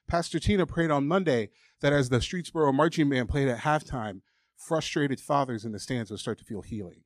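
A man's voice: medium pitch, fairly quick, no room sound, studio quality. Emphatic man preaching to a congregation. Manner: emphatic, candid, acts out mocking inner voices. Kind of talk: sermon.

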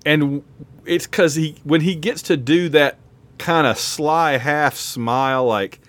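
A man's voice: on the high side, takes it slowly. A man co-hosting a podcast in casual chat, acting out quotes with laughs. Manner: animated, acts out quotes with laughs. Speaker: podcast co-host.

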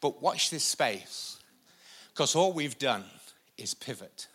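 A male pastor preaching a sermon, energetic and repetitive for emphasis. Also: on the high side, slow. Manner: energetic, repeats lines for emphasis, uses a helper for a live demonstration. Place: church stage before a congregation.

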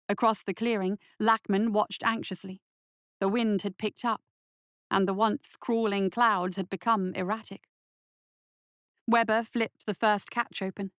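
A woman narrates a scripted adventure story at a measured pace, slowing down for dramatic passages. Her voice sits in a middle pitch. The recording is dry and close, with no room around it. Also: fairly bright tone, dry recording.

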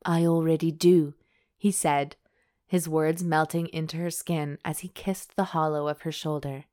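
Woman reading as a soft-spoken possessive romance hero, lowish voice. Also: fairly even intonation, normal speed, natural voice. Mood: tender. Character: young duke husband, tender and possessive.

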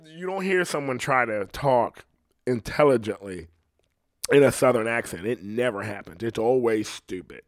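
A man's voice: mid-range voice, animated, normal speed, no room sound, clean studio sound. An American man talking in a rambling, profane, casual way, often laughing. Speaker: podcast host. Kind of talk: casual chat.

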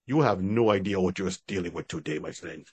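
A man voicing a menacing male space warlord who makes slow threats in a lowered voice. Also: expressive, breathy edge, no room sound, full character voice.

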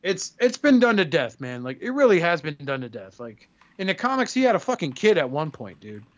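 A man's voice: fairly high pitch, big pitch swings, brisk, muffled recording. A man co-hosting a podcast in casual chat, telling rambling profane stories and acting out quotes. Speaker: podcast co-host.

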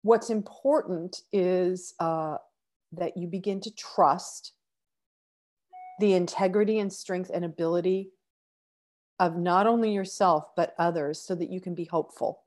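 Slow, earnest woman podcast host. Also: fairly low pitch, darkish tone. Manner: slow, earnest, emotional, breaks off to sigh. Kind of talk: inspirational podcast talk.

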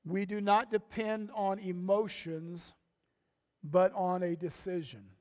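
A man's voice: high voice, steady tone, slow pace, darkish tone, long reverb tail. A male pastor delivering a folksy, emphatic sermon, his voice rising sharply on key points. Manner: folksy, emphatic preaching with sudden rises.

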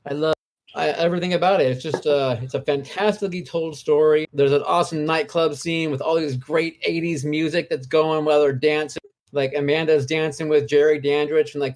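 A man's voice: fairly high pitch, a little mellow. A man co-hosting a horror movie podcast, chatting casually and raving enthusiastically. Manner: enthusiastic, effusive. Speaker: podcast co-host. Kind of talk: casual chat.

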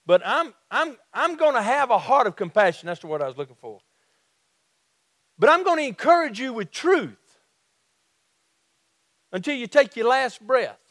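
A middle-aged man with a Southern accent preaching a sermon in a folksy way, restarting phrases and slowing down to stress his points. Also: very high voice, very animated, a bit bright, no room sound, studio quality. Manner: folksy, repeats and restarts phrases, slows for emphasis. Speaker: pastor.

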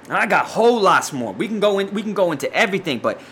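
A man's voice: sits high, very animated, fast talker, fairly bright tone, slight background noise. A man hosting a podcast, ranting in heated, profane bursts with stumbling repetitions. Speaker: podcast host.

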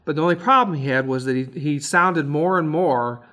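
Guy cohosting a movie chat, slightly high voice, laid back and rambly, lots of ums. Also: brisk. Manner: relaxed, rambling, frequent fillers. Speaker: podcast co-host. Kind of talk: casual movie review chat.

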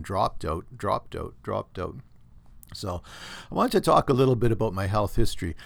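A Canadian man hosting a solo podcast, rambling and opinionated, with many restarts, recorded on a computer at home. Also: deep voice. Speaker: podcast host. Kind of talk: casual solo podcast monologue. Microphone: computer recording setup.

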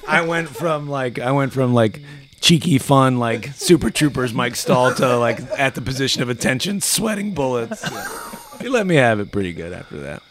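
A man in his forties, a podcast guest, telling casual stories in an animated way and acting out other people's lines. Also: mid-range voice, normal speed, crowd noise. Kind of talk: casual storytelling.

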